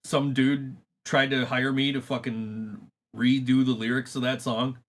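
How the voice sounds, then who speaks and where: A man's voice: mid-range voice, little pitch movement, a little slow. A man hosting a podcast in casual chat, swearing freely and laughing through his stories. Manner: profane, laughing storyteller. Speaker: podcast host.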